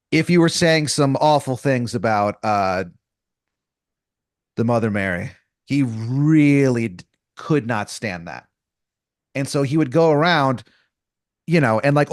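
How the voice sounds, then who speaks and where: A man's voice: mid-range voice, lively intonation, a little slow, long pauses, no room sound, clean studio sound. Rambling man narrating an improvised game. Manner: rambling, loose, with many fillers and restarts; crude, casual slang. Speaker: game master. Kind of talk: improvised comedic storytelling.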